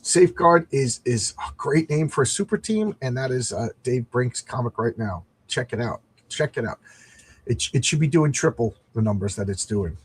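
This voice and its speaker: A husky, slightly rough-voiced middle-aged man talks in a loose, rambling way, hosting a casual livestream. He gets enthusiastic and stumbles over his words as he chats with viewers, in a voice of ordinary middle pitch. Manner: rambling and enthusiastic, frequent restarts. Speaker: comics livestream host.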